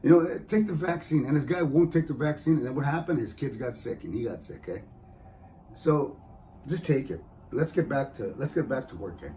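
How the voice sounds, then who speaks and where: A man's voice: mid-range voice, lively intonation, a little fast, dark tone, a little hiss or hum. A man doing a joking stand-up comedy set in an event hall, often slipping into teasing mock voices. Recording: echoey room heard from a distance.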